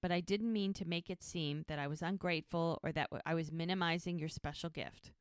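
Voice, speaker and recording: A woman co-hosting a podcast, recapping a TV episode in a relaxed, chatty way. She slips into the characters' lines as she goes and laughs often. Her voice is smooth and on the low side, recorded dry and close. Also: fairly quick, no echo. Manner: retells scenes by acting out lines, laughs often. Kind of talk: casual chat.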